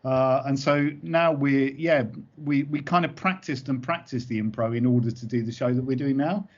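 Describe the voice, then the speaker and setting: A male comedy performer giving interview answers as an animated, rambling storyteller. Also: medium pitch, normal speed. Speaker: comedy double-act performer. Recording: dull lo-fi recording.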